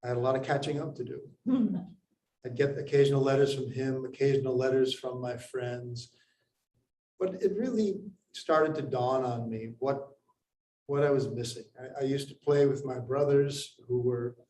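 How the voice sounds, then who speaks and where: A man from India telling a personal story to an audience, unhurried with pauses and lively acted quotes. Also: mid-range voice. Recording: roomy, distant mic, faint noise.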